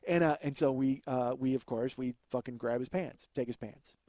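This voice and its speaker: A man's voice: medium pitch, fairly even intonation, moderate pace, dark tone, dry recording, lo-fi sound. A man telling a rambling, profane comic story as a podcast host, often laughing at his own tale. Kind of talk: comedic storytelling.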